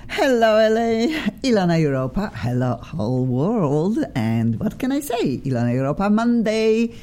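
A woman's voice: sing-song, normal speed, dark tone. A woman with a Polish accent hosting a radio talk show from a studio, effusive and theatrical. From Poland. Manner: exuberant and theatrical, swooping pitch.

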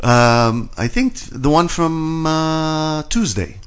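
A man's voice: a little high, slow pace, a bit bright, clear, resonant tone. A man hosting a casual radio talk show, teasing his guests and laughing often.

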